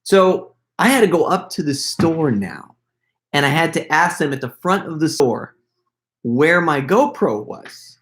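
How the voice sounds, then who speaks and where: A middle-aged man hosting a casual live Q&A, telling stories in an excitable, rambling way full of quick asides. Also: a little high. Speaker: prank video creator hosting a live Q&A. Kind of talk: casual livestream chat.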